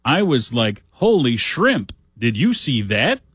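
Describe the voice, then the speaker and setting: A man putting on the voice of an excited male baseball fan, speaking in an incredulous, breathless manner. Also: mid-range voice, slow, breathy edge, no echo, studio quality, heavily acted. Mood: amazed.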